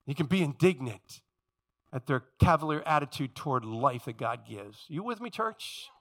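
Middle-aged man preaching, bright slightly high voice, goes quiet then loud, asks the congregation for an amen. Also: animated, normal speed. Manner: calls out to the congregation for responses. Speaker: pastor. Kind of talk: sermon.

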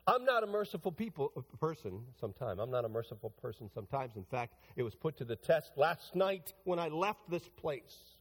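A man's voice: on the low side, big-room sound. A man preaching a sermon to his church, talking conversationally and building to emphatic preaching. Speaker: pastor. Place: church sanctuary.

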